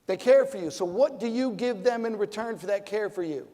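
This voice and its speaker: A man in his forties speaks as a decorated veteran on a forum panel, firing off rhetorical questions with bursts of intensity. His voice sits notably high for a man. It rings with the long reverb of a large event hall. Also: a little fast, mellow. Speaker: Medal of Honor recipient panelist. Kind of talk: impassioned forum speech.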